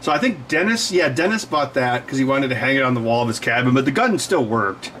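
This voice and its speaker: A man's voice: medium pitch, lively intonation, fairly quick, fairly bright tone, a little hiss or hum, poor audio. A man hosting a livestream, telling stories in a rambling, digressive way, correcting himself and laughing often while he works. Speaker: livestream host. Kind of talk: rambling casual chat while working.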